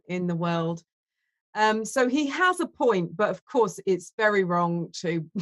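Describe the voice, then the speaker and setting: A woman co-hosting a casual TV review chat, thinking aloud with pauses and self-corrections. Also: lowish voice. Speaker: film and TV critic co-host.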